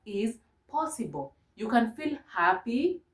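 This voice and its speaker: A woman from Kenya teaching a mock English lesson to a young child, gentle and encouraging, spelling words out slowly. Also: fairly high pitch, sing-song, echoey room. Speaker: online ESL teacher.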